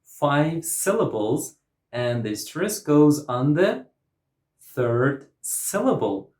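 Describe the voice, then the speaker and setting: A woman's voice: deep voice, big pitch swings, drawn-out words, darkish tone. A woman teaching English pronunciation, saying each word several times and drawing out its syllables. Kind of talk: slow, careful teaching with repeated model words. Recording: roomy echo.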